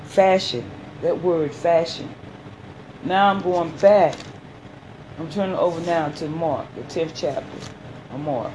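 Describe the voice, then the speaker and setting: A man preaching a sermon, reading scripture haltingly and then explaining it in plain, folksy words. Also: a little high, noisy background.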